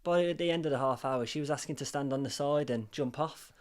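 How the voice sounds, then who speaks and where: A man's voice: mid-range voice, a little fast, smooth. A man, a father, talking earnestly as a guest on a podcast. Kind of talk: casual podcast chat.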